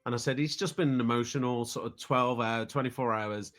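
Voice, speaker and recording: A man's voice: mid-range voice, steady tone, a little fast, fairly bright tone. A British man in his thirties, a podcast guest telling a family trip story in a casual, rambling way, often repeating words as he starts sentences. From United Kingdom.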